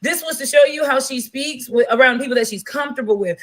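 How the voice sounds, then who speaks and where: A woman hosting a gossip podcast, talking in an animated, blunt and profane way. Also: high-pitched, quick pace, rough recording. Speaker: podcast host. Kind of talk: casual gossip commentary.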